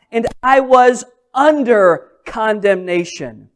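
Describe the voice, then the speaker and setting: Guy preaching slow and deliberate, leans hard on each phrase, asks the room questions. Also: very high voice, expressive. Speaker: pastor. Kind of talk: sermon.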